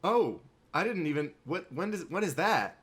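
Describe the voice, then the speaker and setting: A man's voice: high voice, very animated, moderate pace, a bit bright, husky. A man hosting a podcast in casual chat, talking animatedly and laughing often.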